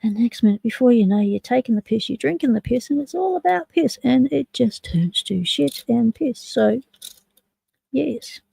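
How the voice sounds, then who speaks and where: A woman's voice: a little high, moderate pace, creaky, warm tone, husky, no room sound, poor audio. A woman from South Australia with an Australian accent, hosting a live stream and chatting casually with viewers while she picks locks. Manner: chatty, jokey, talks to chat while picking locks.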